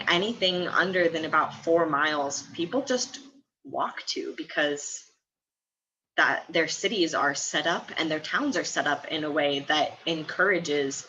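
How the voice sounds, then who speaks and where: A woman's voice: deep voice, sharp tone, a little hiss or hum, poor audio. A woman in her twenties from the American Midwest, chatting casually in a vlog and laughing often between phrases. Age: 20s. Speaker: study abroad student.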